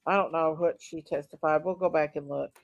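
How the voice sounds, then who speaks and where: A woman's voice: deep voice, steady tone, fairly quick, dry recording, muffled recording. A woman hosting a casual true crime livestream, apologetic and flustered as she talks to her viewers.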